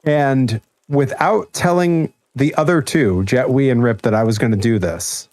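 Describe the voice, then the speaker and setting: A young man chatting casually on a gaming stream, telling a rambling anecdote with animated quoted voices. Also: medium pitch, measured pace, no room sound. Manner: rambling storyteller, animated quoting. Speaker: streamer co-host.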